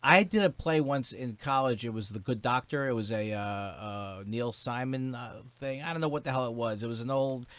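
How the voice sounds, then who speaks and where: Excitable New York comic man. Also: normal speed, few pauses, dry recording. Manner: rambling, self-mocking, bursts into shouted high-pitched bits. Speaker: comedian guest. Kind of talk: comic podcast chat.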